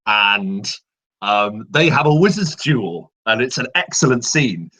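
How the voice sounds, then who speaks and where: A man who is a guest on a live panel, explaining in casual chat with animated delivery. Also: lowish voice, unhurried. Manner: animated, laughs while explaining.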